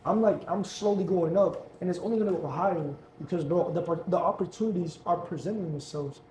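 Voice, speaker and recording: A man's voice: sits high, fairly quick, dark tone, echoey room, a little hiss or hum, rough recording. A young man, a guest entrepreneur, talking casually and earnestly about hustle and faith, repeating himself for emphasis. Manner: earnest, repetitive, slangy pep talk. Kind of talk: casual motivational talk.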